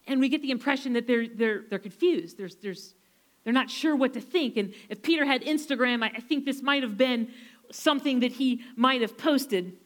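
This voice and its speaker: A woman preacher with a high voice retells a story during a sermon. She is emphatic, repeats phrases, and slows down to stress key lines.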